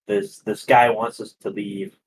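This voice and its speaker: An earnest young adventurer trying to hurry a friend along, urgent and a little stumbling, as a man puts him on. His voice sits fairly low, with faint noise behind it. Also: little pitch movement, unhurried, lightly acted.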